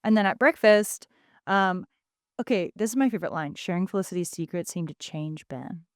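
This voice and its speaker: Lively woman co-host recapping a story, smooth voice, dry sound, acts out lines. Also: fairly low pitch, no echo. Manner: animated storytelling, acting out characters in quick asides. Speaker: podcast co-host. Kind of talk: casual recap chat.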